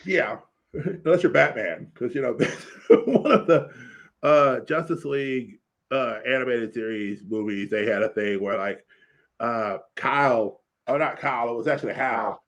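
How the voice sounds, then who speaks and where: A man's voice: medium pitch, unhurried. A man hosting a casual chat, laughing often and acting out lines as he tells stories. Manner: laughs often, acts out quoted lines in storytelling. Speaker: podcast host. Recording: dull lo-fi sound.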